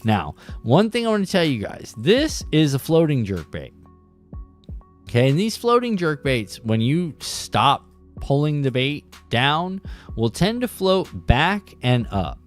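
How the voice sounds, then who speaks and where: A man's voice: fairly high pitch, very animated, a little slow, faint music behind. Chatty man hosting a fishing show. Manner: chatty, explains with stops and restarts. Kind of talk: casual live-stream tackle talk. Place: home desk.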